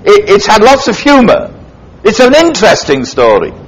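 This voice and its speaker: This expository sermon comes from a man whose pitch swings hugely as he retells a parable at a moderate pace. His telling is emphatic and dramatic, and the recording quality is low.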